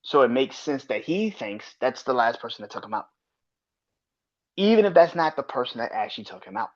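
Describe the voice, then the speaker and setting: A man's voice: medium pitch, very animated, a little fast. A man hosting a podcast, ranting bluntly and profanely about wrestling in casual, opinionated commentary. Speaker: podcast host. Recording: slightly dull lo-fi audio.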